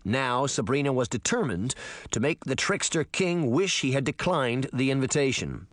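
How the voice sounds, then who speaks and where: A man narrating a children's novel in an expressive storytelling manner, voicing each character. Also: medium pitch, normal speed, no room sound. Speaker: audiobook narrator. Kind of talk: scripted narration.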